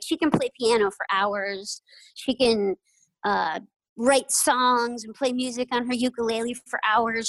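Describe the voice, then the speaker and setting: High-pitched woman rambling chattily in an interview, laughs a lot, dry recording. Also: no echo, poor audio. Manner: chatty, full of "like" and "you know", laughs often. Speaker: interview guest. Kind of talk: casual storytelling.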